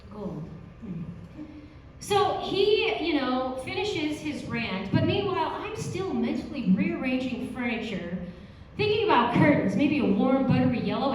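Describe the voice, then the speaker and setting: High-pitched woman doing standup, chatty, lots of "you know", far off mic, super echoey room. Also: big pitch swings, normal speed. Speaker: standup comedy student. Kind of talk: standup comedy set. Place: comedy stage. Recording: echoey room from a distant mic with faint noise.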